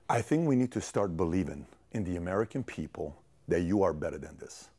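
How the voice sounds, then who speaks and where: A man giving a speech who tells a story with animated emphasis, rising for punchlines and dropping to hushed tones. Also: low voice, brisk, hardly any pauses. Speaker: public speaker.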